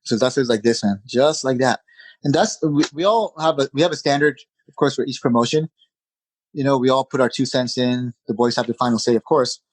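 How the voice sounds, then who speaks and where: A man, a jiu-jitsu instructor, chatting as a podcast guest in an energetic, conversational way, with lots of "you know" and "man.". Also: mid-range voice, a little fast, no echo, low-quality recording. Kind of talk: casual interview chat.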